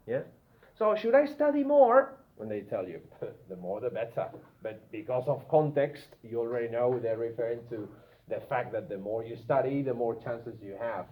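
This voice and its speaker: A man teaching a grammar lesson to a classroom, often checking in with the students with "yeah?". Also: mid-range voice. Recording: echoey room, tinny phone-like sound, faint noise.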